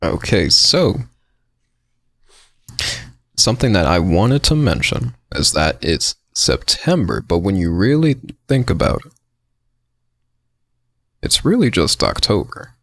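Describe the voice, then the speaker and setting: Animated, rambling man. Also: low-pitched, slow pace, long pauses, dry recording. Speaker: podcast co-host. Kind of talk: casual banter.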